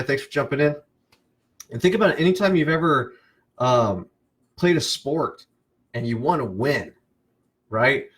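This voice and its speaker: A man who coaches online business, talking casually on a live stream in an animated way, often restarting and asking "right?". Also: mid-range voice.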